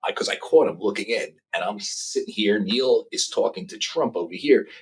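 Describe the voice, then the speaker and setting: A middle-aged man, telling profane, lively anecdotes as a journalist guest in a casual interview. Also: fairly low pitch, normal speed, slightly rough. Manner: animated, profane anecdotes with impressions.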